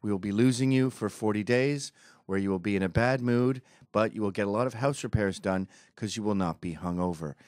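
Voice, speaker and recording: A man's voice: lowish voice, brisk, darkish tone, dry recording, studio quality, voice pushed down, close to an everyday voice. A man putting on a solemn mock-official voice for a politician's address. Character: mock politician greeting Catholics.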